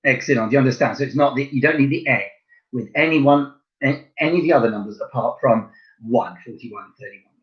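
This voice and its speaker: A man teaching French to primary school children in a recorded lesson. He is chatty and encouraging and slows right down to spell words letter by letter. His voice sits at a middling pitch, and the recording is a little dull and lo-fi.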